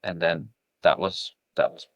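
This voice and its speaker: A man, a guest coach, telling a deeply personal story, halting and full of restarts and fillers. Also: steady tone, vocal fry, a bit bright, dry recording. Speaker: self-love coach, guest.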